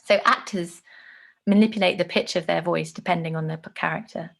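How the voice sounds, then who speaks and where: A woman teaches an online lesson on speech delivery, clearly demonstrating phrases with shifting intonation. Her voice is lowish and a little fast.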